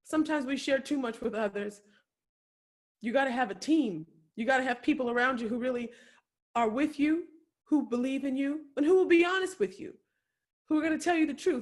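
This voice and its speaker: A woman's voice: high voice, a little fast. A woman giving an impassioned, preacher-like keynote speech, repeating phrases for emphasis, tearful at times. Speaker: keynote speaker. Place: home, remote video address.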